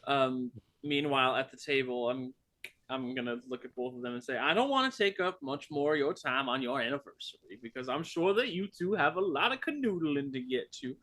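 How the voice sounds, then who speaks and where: A man's voice: medium pitch, expressive, fairly quick, fairly bright tone. A man playing a glib, mock-polite character in a tabletop game. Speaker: player. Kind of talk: in-character tabletop role-play.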